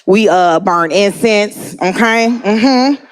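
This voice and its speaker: A woman from Atlanta performing stand-up comedy, telling stories in an animated way, acting out voices and laughing often. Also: mid-range voice, slow pace, clear, resonant tone. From Atlanta, USA. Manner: animated storytelling, acts out voices, laughs a lot.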